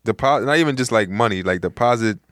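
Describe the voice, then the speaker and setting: A man's voice: lowish voice, no room sound, clean studio sound. A male comedian co-hosting a podcast, talking in a casual, emphatic and profane way. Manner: fast, animated, profane and emphatic. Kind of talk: casual chat.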